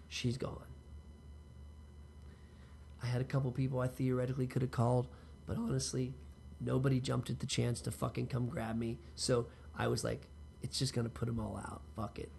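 In a darkish, gravelly voice with an edge of fry, a man of ordinary middle pitch spins a loose personal story laced with profanity. He addresses the listener directly and strays into digressions, while a soft background hum persists.

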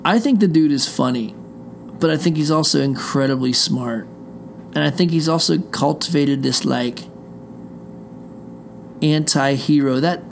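Gravelly middle-aged man, rambling and profane. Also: mid-range voice, a little hiss or hum. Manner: profane, digressive, talks straight to listeners. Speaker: show host. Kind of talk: rambling casual monologue. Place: indoor room behind a closed door.

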